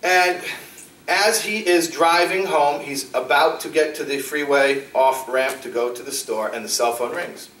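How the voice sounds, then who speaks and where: A man giving a talk as a rabbi, telling stories with animated acted-out dialogue. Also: measured pace, a little hiss or hum. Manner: animated, acts out dialogue with shifting pitch. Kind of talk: lively storytelling lecture. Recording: roomy, distant mic in a hall.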